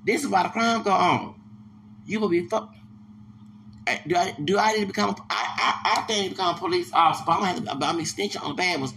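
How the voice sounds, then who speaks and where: A man with a gravelly, creaky voice tells stories on his podcast, rambling and emphatic, often restarting mid-phrase. His pitch sits in an ordinary middle range. Steady background noise runs under the recording. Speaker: podcast host. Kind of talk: casual monologue storytelling.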